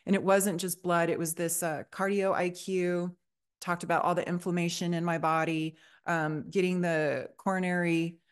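A middle-aged woman speaks in a somewhat low voice, hosting a faith-based podcast. She talks earnestly and encouragingly, often checking in with her listeners. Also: level tone, moderate pace, clean tone. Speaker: podcast host.

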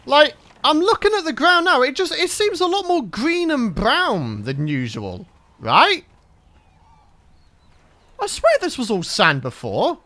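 A British man commentating a game he is playing, excitable and prone to panicked shouts and yelps. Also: extremely high pitch, measured pace. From Britain. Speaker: gaming channel host. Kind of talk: let's play commentary.

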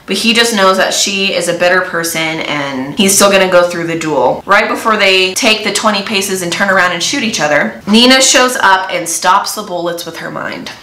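A woman's voice: mid-range voice, normal speed, hardly any pauses. A woman recapping a novel's plot in a casual, chatty way, with playful asides, while doing her makeup. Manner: animated, lively retelling with playful asides. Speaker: book reviewer. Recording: echoey room.

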